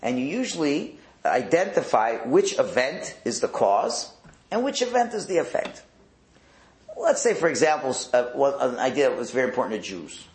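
In a roomy, echoing space, a man with a mid-range voice at normal speed leads a Torah class as a rabbi. He tells his stories with animation, performing the characters' voices.

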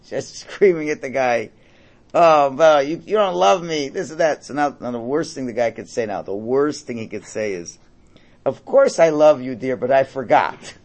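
A man's voice: medium pitch, vocal fry. A middle-aged man teaching a religious class. He translates a Hebrew text aloud in a conversational, jokey way, with many restarts.

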